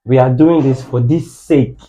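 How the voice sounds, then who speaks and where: A man's voice: mid-range voice, unhurried, dark tone, rough recording. A man explaining his view step by step in a casual podcast chat.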